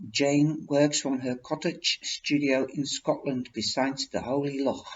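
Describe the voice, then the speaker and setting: A man reviewing a tarot deck in a heartfelt, casual way, talking emotionally and haltingly with many restarts. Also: medium pitch, darkish tone. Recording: dull lo-fi recording.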